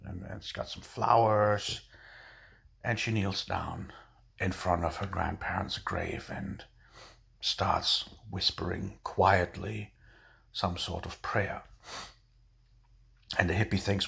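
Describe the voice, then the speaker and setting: A man telling a dirty joke in a drawn-out, relaxed storytelling way. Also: low voice, vocal fry. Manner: drawn-out, relaxed pacing with fillers.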